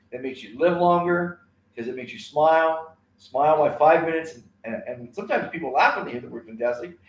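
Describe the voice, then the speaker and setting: A man's voice: fairly high pitch, roomy sound, poor audio. A man teaching a kindness class alone on a live stream, rambling with many fillers and repeated words.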